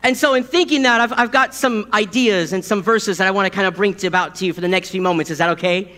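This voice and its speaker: A man's voice: high voice, quick pace, sharp tone. A man in his thirties preaching a sermon, telling stories with chuckles and repeating key words for emphasis.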